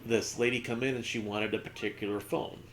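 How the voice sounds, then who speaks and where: A man's voice: on the low side, level tone, fairly quick, a bit bright, slight background noise. A man streaming a video game, rambling through a casual anecdote with lots of fillers. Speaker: gaming streamer. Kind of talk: casual storytelling while playing.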